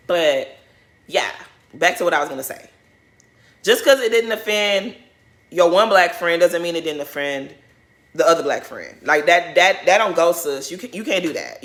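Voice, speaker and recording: A woman talks through a TV episode in a sassy, emphatic way and keeps circling back to repeat her points. Her voice sits a bit low but swings widely, with a bright, forward tone. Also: sing-song, moderate pace. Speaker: recap host. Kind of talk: casual reality TV recap.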